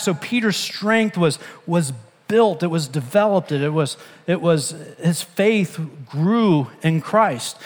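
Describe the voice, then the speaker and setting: Emphatic preaching man, reverberant hall. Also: a little high. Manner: emphatic, conversational preaching with retold dialogue. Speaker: pastor. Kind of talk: sermon. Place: church sanctuary.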